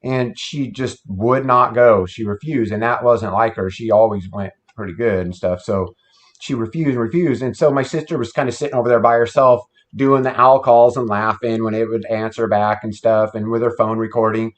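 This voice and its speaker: A folksy guest tells an encounter story as if around a campfire, speaking plainly in a fairly low voice. His intonation is fairly even and his pace moderate, and the recording sounds dull and lo-fi.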